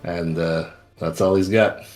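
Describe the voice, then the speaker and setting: A man's voice: low voice, fairly even intonation, unhurried, a little mellow, faint music behind. A man playing an online tabletop game, planning his character's moves aloud. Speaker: player.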